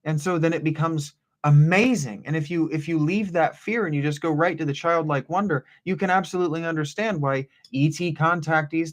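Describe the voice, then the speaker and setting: Man musing aloud between readings. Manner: drops into a deep radio voice when reading; discursive, with restarts and asides. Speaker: host reading aloud and commenting. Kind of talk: rambling philosophical commentary between read passages.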